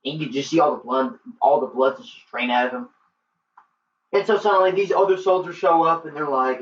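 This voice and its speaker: A man's voice: on the high side, a little fast. A man giving a casual film review, retelling the plot in a rambling way and filling his talk with "like". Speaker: movie reviewer. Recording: roomy, distant, dull lo-fi sound.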